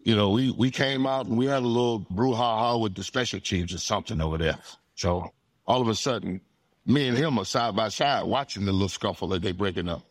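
A middle-aged man from Florida, telling stories in casual interview talk, animated, acting out dialogue and laughing often. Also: on the low side, brisk, no room sound. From Florida, USA. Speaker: interview guest, retired football player. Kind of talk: casual storytelling.

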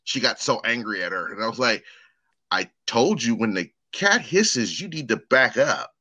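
A man's voice: medium pitch, normal speed, breathy edge. A man co-hosting a podcast, telling a family story in casual chat and acting out the people in it. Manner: animated storyteller, acts out quoted people. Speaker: podcast co-host.

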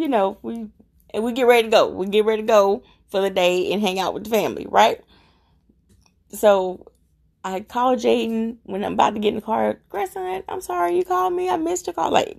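A middle-aged woman casually telling a personal story, chatty and animated, acting out her family's voices and repeating herself for emphasis. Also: mid-range voice, creaky.

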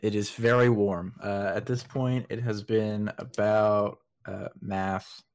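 A man's voice: lowish voice, flat delivery, takes it slowly, a little mellow. A young man narrating as dungeon master over a voice call, casual and full of fillers. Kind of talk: narrating a tabletop game over voice chat. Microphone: computer mic on a voice call.

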